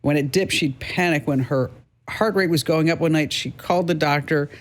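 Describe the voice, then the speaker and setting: Playful New York tech show host. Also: male voice, fairly high pitch, normal speed. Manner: playful, laughs often, stretches words for effect. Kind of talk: casual tech news chat.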